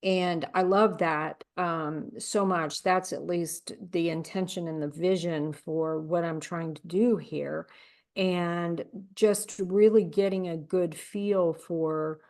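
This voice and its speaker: A woman's voice: on the low side, fairly even intonation, slow pace, a little mellow. A woman podcast host asking long, reflective questions in a conversational way. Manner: reflective, rambling questions with many fillers. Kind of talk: conversational interview.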